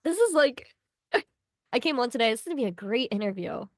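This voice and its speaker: A woman's voice: fairly high pitch, lively intonation, brisk, no room sound, studio quality. A young woman being interviewed on a podcast, chatting casually and giggling, with lots of "like" in her talk. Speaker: podcast guest, voice actress.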